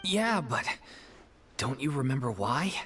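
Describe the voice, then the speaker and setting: A woman voicing a calm, steady companion character in a fan game dub. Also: rumbling low, unhurried, a little hiss or hum, full character voice. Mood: explaining.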